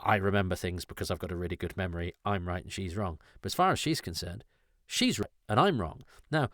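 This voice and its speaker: A man's voice: low voice, animated, brisk, fairly bright tone, no echo, clean studio sound. A middle-aged man hosting a podcast, talking in a thoughtful, digressive way with frequent restarts. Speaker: podcast host. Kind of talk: conversational podcast discussion.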